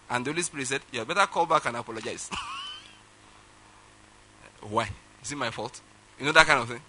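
A man with a Nigerian English accent preaching a sermon, telling a personal story with sudden swings between loud and soft delivery. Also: medium pitch, slight background noise. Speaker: pastor.

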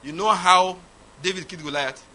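A man preaching a sermon, emphatic, swinging from loud declarations to quiet asides. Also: high voice, normal speed. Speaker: pastor.

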